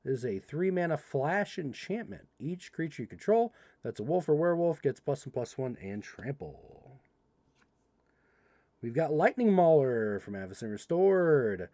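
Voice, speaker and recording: A young man hosting a livestream, casually reading card text aloud and joking with chat in an animated way. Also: on the high side, no echo. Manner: animated, reads card text quickly, playful asides to chat. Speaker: livestream host opening card packs.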